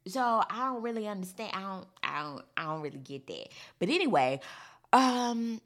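A woman's voice: medium pitch, sing-song, moderate pace, a bit bright. A young woman recapping a reality show in a casual, blunt, opinionated way, swearing freely.

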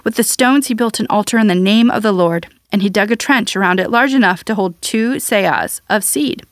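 A woman reading scripture aloud at a measured, even pace, as the regular reader of the show. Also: medium pitch, no echo, studio quality. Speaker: Bible reader.

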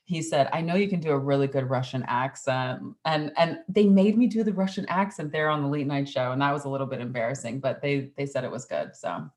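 A woman in her thirties, chatting casually in an interview and telling her story in an animated, playful way. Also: deep voice, fairly quick, few pauses. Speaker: podcast host and interview guest.

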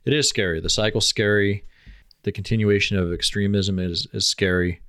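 A man's voice: fairly low pitch, steady tone, normal speed, a bit bright, no echo, clean studio sound. A man hosting an interview, putting short questions to his guest and answering with brief agreement. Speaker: interview host. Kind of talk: conversational interview.

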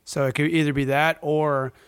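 A man's voice: a little high, flat delivery, moderate pace, clear, resonant tone, no echo, clean studio sound. A man from Wisconsin co-hosting a casual podcast, joking as he guesses aloud. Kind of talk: casual chat.

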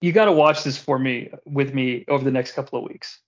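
A man hosting a casual podcast, recapping wrestling in an animated, joking way with casual swearing. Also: medium pitch, a little fast. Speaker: podcast host. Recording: dull lo-fi podcast audio.

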